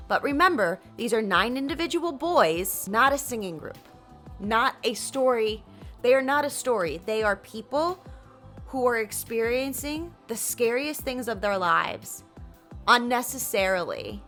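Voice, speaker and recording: A woman hosts a history show in a bright, somewhat high voice, telling the story like a lively, casual chat. She swears freely and slips into funny voices for the people she describes. Faint music plays behind her. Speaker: host.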